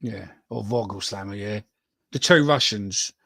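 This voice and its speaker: A man's voice: lowish voice, measured pace, vocal fry, a bit bright, no room sound. A man hosting a football podcast, joking crudely and calling everyone "mate". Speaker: podcast host. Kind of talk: casual banter reading out names.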